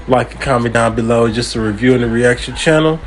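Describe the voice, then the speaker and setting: A man's voice: mid-range voice, brisk. Sex: man. Role: blunt reaction-channel host. Tone: profane, casual.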